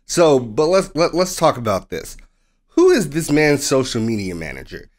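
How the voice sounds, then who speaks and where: A man co-hosting a sports podcast in casual chat, telling the story with animated delivery and acting out what people said. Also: medium pitch, moderate pace. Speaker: podcast co-host.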